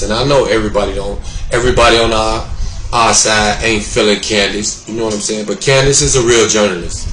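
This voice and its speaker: A man's voice: on the low side, a bit bright, reverberant, rough recording. A man giving a heated, slangy political commentary rant to his viewers, repeating himself as he works up steam. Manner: slangy, fired-up and repetitive, addressing viewers directly.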